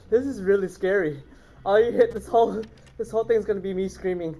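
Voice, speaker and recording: A woman's voice: medium pitch, moderate pace, warm tone, low-quality recording. A young woman hosting a let's play of a horror game, talking in jumpy, exclamatory bursts. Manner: jumpy, exclamatory, nervously chattering. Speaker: host playing a horror game.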